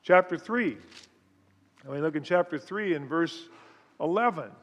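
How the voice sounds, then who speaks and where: Slightly high-voiced preacher in a reverberant hall. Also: male voice, lively intonation, a little slow, a bit bright. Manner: explanatory, walks listeners through scripture step by step. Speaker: pastor teaching a Bible study. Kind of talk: sermon-style Bible teaching. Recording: long reverb of a large hall.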